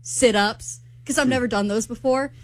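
A woman on a morning radio show who rambles chattily through her stories. Her voice sits a little high, and the sound is dry and close. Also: moderate pace, no room sound.

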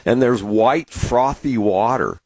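A man's voice: mid-range voice, slow, a little mellow. A man with an American accent talks casually and tells stories at length, drifting off track and filling the gaps with "uh." His voice sits in an ordinary middle range. The sound is dry, with no room echo. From San Diego, USA. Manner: rambling, anecdotal storyteller with many fillers. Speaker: market commentator. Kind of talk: casual talk to camera.

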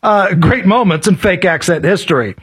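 A man hosting a casual political talk show, sardonic and quick to joke. His voice sits high and carries a husky edge. His pitch leaps around with lively swings. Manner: sardonic, jokey. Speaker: podcast host.

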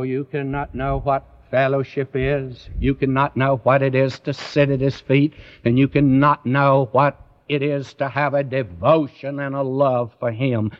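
A man preaching a sermon in an earnest way, often turning to the listeners with direct questions. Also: mid-range voice. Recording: dull lo-fi recording.

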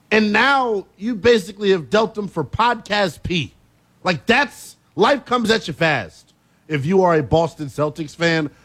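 Casual: high-voiced guy on sports radio talking big, pitch all over the place. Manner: brash, animated opinions. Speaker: sports talk show co-host. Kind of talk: sports talk radio banter.

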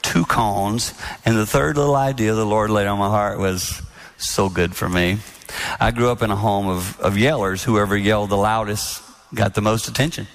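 A man giving a sermon-style talk on marriage to an audience, earnest and storytelling, sometimes acting out soft-spoken quotes. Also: fairly low pitch, steady tone, moderate pace. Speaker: speaker on marriage.

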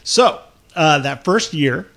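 A man hosting a casual chat with his mother, telling a family story in an animated way and often checking facts with her. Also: on the high side. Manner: animated storyteller, quick asides, seeks confirmation. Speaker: host interviewing his mother.

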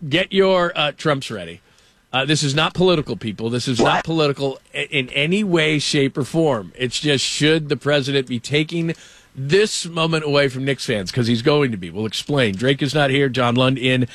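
A man chatting on sports radio, telling a long, loose anecdote with plenty of fillers. His middle-pitched voice is close on a studio microphone in a dry booth with no room sound. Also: lively intonation, normal speed, a bit bright, no echo. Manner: rambling anecdotal storytelling with laughs. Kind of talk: casual sports radio chat.

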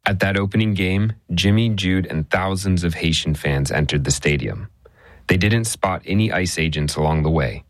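A male radio reporter narrating a news story in a measured, conversational way. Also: deep voice, dry recording, clean studio sound.

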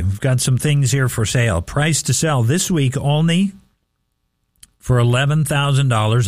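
Midwestern male local radio host, slow and chatty, dry studio sound. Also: mid-range voice, a little mellow, no room sound. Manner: slow, chatty, repeats numbers carefully. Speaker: radio swap shop host. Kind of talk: casual radio classifieds reading.

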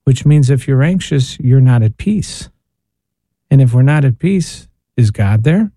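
A priest speaks in an earnest, gently preaching way on the radio, asking rhetorical questions and answering them himself. His mid-pitched voice is very warm and dark. It is recorded dry in a studio. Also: animated, measured pace, dry recording. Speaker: priest and spiritual director guest. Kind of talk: radio talk reflection.

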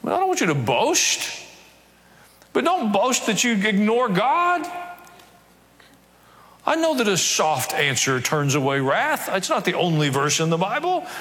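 A man's voice: high voice, huge pitch swings, a bit bright. Man preaching with a dry wit in a large reverberant hall. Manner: conversational preaching with wry asides; reads scripture aloud in slower measured tones. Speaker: pastor. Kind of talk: sermon.

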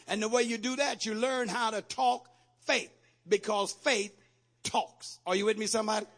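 A pastor preaches in a strikingly high, gravelly voice. His tone is bright and slightly husky. He moves between plain teaching and fervent, shouted call-and-response. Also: steady tone, normal speed. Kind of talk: sermon.

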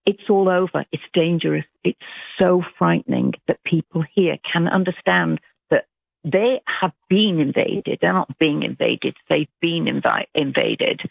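A woman from Britain with a British accent, calling in to a talk radio show, speaking earnestly and haltingly with many restarts. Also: fairly low pitch, creaky, husky, no echo. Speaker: caller. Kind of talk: call-in radio phone call. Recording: tinny phone line.

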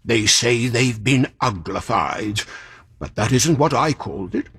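An actor playing a kindly, fussy old magician in a radio drama, chatty and musing, sighing and yawning, with a breathy, husky voice. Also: male voice, medium pitch, animated, measured pace, a bit bright, full character voice. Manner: chatty and musing, with sighs and yawns.

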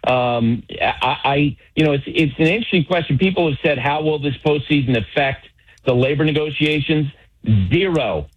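A man's voice: a little high, breathy edge. Opinionated middle-aged man, dull radio sound. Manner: opinionated, piles up quick examples. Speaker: baseball analyst. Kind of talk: sports radio talk.

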